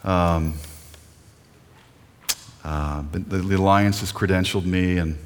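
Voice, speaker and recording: A man's voice: sits low, fairly even intonation, slow, big-room sound, a little hiss or hum. A middle-aged male pastor preaching a sermon in an earnest, emotional way, often putting questions to the congregation.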